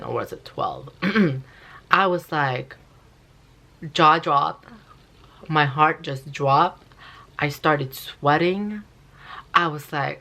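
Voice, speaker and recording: Woman, young adult, low pitch, rambling, swearing, casual vlog storytelling. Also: gravelly, bright, forceful tone. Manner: rambling, profane, full of "like". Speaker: vlogger.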